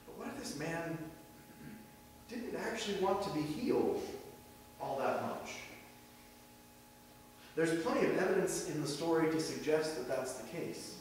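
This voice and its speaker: A man in his thirties preaching a sermon as pastor, conversational and animated, posing rhetorical questions to the congregation. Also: fairly high pitch, a little slow, long pauses, recorded from a distance, slight background noise. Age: 30s. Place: church sanctuary. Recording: very echoey hall, heard from afar.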